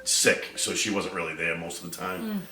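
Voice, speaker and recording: Animated middle-aged man telling a story. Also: deep voice, moderate pace, distant mic. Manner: animated storyteller acting out quotes with laughs. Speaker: husband telling his love story. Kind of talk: casual storytelling interview. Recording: echoey room from afar with music.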